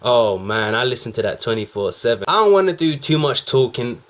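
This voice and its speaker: A young man talks straight to his viewers in a loose, excitable reaction commentary. His speech is full of slang and quick asides. His pitch sits in an ordinary middle range. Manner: excitable, slang-heavy, chatty. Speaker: reaction video host.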